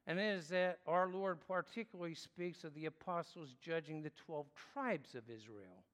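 A man preaching a sermon in an earnest, explanatory way with measured pauses. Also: a little high, fairly bright tone, big-room sound.

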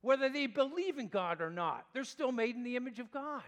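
Male pastor, sermon delivery, emphatic and dynamic, fairly high voice, long room reverb. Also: lively intonation, a little fast. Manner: emphatic preaching with wide swings in pitch and loudness.

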